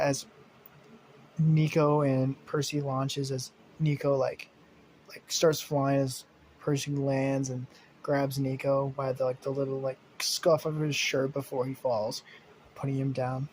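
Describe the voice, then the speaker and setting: A man's voice: mid-range voice, little pitch movement, measured pace, slight background noise. A young man narrating an improvised fan story, rambling with many fillers and casual swearing.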